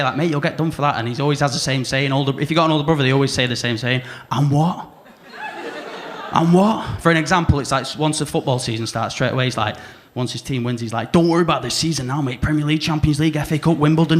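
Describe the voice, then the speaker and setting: Laddish young Salford stand-up. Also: male voice, on the high side, fast talker, slight background noise. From Salford, England. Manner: laddish, rambling, slips into mimicking voices. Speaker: new act comedian. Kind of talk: stand-up set. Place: comedy club stage.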